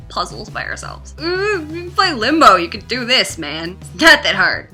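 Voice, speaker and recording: A woman's voice: medium pitch, very animated, moderate pace, bright, forceful tone, soft background music. A young woman casually reviewing a game, chatty and blunt, filling her talk with "like" and "you know" and the odd swear. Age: young adult.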